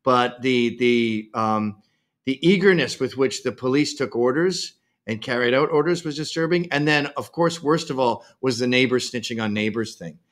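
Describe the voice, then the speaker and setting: A man's voice: medium pitch, normal speed, fairly bright tone. A Canadian man speaking as a podcast guest on a remote call, blunt, provocative and joking in casual conversation.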